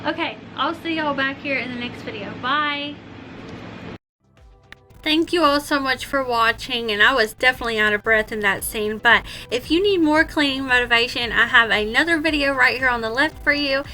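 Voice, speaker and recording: Woman vlogger, high bright voice, casual and self-mocking, at home with light music behind. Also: moderate pace, low-quality recording. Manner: chatty, self-mocking, laughs often. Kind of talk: casual chat to camera.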